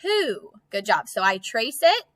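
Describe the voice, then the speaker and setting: A woman teacher giving a recorded phonics lesson to young children, in a bright, encouraging, sing-song voice that stretches out words. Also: mid-range voice, moderate pace, no room sound. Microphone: computer.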